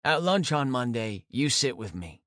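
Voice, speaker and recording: A man's voice: medium pitch, sing-song, measured pace, a bit bright, dry recording, clean studio sound. A man voicing a casual, teasing teenage boy in an audiobook, with a playful, easygoing delivery.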